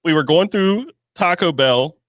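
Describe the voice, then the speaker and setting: A man's voice: a little high, expressive, a little slow, fairly bright tone, no room sound, studio quality. A man co-hosting a podcast in casual chat, telling blunt, wry stories with plenty of swearing. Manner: blunt, wry, profane anecdotes. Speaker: podcast co-host.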